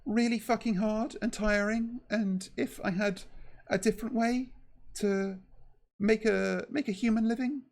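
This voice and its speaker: A woman streaming casually as a VTuber, her voice slightly shaky, talking in a halting, nervous way full of fillers and restarts. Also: medium pitch, steady tone, a little mellow.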